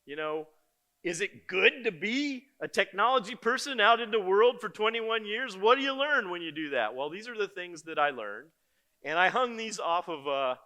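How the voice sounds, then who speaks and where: An older man giving a conference keynote, telling stories in a lively, joking and blunt way. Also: sits high, normal speed. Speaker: keynote speaker. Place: conference stage before an audience.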